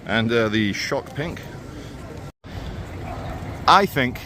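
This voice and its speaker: Now extremely slow yet animated, the vlogger's medium-pitched voice carries casual narration as he walks city streets and a mall with his phone. Background noise accompanies his rambling, sardonic commentary.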